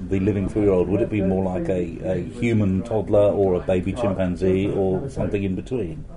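A man interviewing a guest in a casual conversation over a meal, relaxed and joking. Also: low-pitched, moderate pace. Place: busy restaurant. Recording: crowded restaurant chatter behind.

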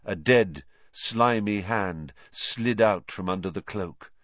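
Male audiobook narrator, slow and lively, dramatic, dry and dull recording. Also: fairly low pitch, no room sound. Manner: dramatic, tense storytelling. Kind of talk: scripted narration.

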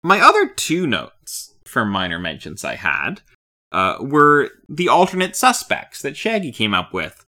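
Speaking a little slowly in a mid-range voice, this podcast co-host chats casually about a movie. He's lively and dryly funny, with a deadpan sense of humor.

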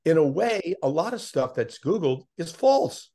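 An older man, a veteran sports interviewer, telling animated anecdotes as a podcast guest. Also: a little high, moderate pace. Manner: animated anecdotes, puts on voices of others. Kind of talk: conversational storytelling.

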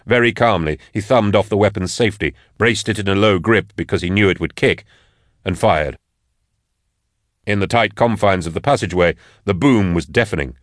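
A man reading a dark novel aloud as an audiobook narrator, measured and even. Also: low voice, dry recording, clean studio sound. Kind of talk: scripted narration.

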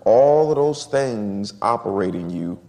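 A man pastor teaching a sermon, reading scripture slowly and stressing key words. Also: lowish voice, animated, dark tone, long reverb tail.

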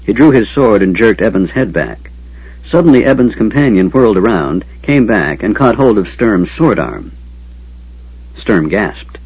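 A man narrating a fantasy audiobook in a steady, dramatic storytelling manner. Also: on the low side, unhurried, husky, no room sound. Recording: dull lo-fi.

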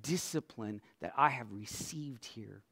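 A man preaching a sermon as pastor. His voice drops to a hush and then swells into loud, emphatic lines. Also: mid-range voice, animated. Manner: swings from soft, hushed lines to loud emphatic declarations; slow and deliberate, stretching out scripture lines.

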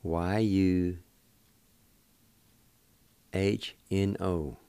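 A man's voice: deep voice, fairly even intonation, dark tone, clear, resonant tone, no echo. An older man hosting a radio show, patiently spelling and sounding out words syllable by syllable. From Cherokee Nation, Oklahoma. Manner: slow, patient, repeats each syllable. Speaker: radio host teaching Cherokee words. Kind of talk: slow spelled-out language lesson.

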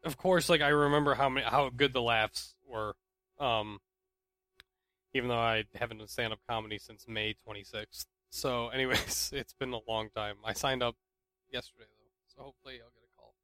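A young man casually rambling through an anecdote, restarting sentences and swinging between loud bursts and near mumbles. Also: medium pitch, fairly even intonation, normal speed, no room sound. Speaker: storyteller.

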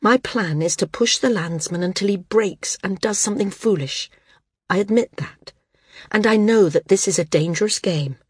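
A woman's voice: medium pitch, a little mellow, breathy edge, no echo, studio quality, pitched above the performer's own voice. A woman voicing a determined woman flyer, speaking in an earnest, resolute way in an audiobook. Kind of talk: audiobook character reading.

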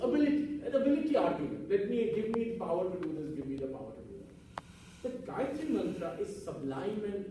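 A high-voiced man gives an earnest spiritual lecture, posing one rhetorical question after another. His tone is mellow and soft-edged. He is heard from a distance in a large hall, with heavy echo around every word. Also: slight background noise. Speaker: speaker on Vedanta. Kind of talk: public talk to an audience. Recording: echoey hall, mic from far off.

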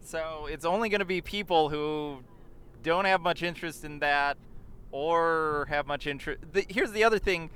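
A young man driving and bantering comically, telling stories in an excitable way. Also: a little high, normal speed, clean tone. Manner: lively, excitable storytelling. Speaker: podcast co-host, driving. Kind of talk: comedic banter. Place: in a car in traffic.

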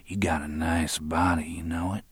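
A man's voice: low-pitched, level tone, moderate pace, husky, dry recording. A man playing a crude, menacing middle-aged man in an audiobook, blunt and slangy. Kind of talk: audiobook narration.

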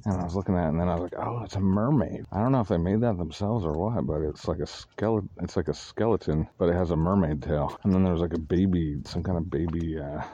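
A man's voice: low-pitched, fast talker, few pauses, warm tone, muffled recording. A man casually rambling and swearing while walking outdoors, vlogging on a phone. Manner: rambling, profane, talks to himself while walking. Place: outdoors on streets.

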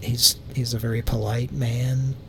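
A man's voice: flat delivery, measured pace, music in the background. A man with a Southern US accent hosting a live prank call show, rambling casually and swearing freely. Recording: noisy background rumble.

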